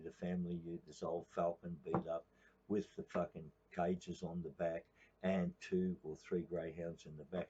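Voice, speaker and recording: Older aussie bloke, low husky voice, rambling and swearing, muffled lo-fi sound. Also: male voice, dark tone. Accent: Australian. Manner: rambling, profane, addresses listener as mate. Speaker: union organiser. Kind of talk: casual storytelling. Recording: dull lo-fi recording.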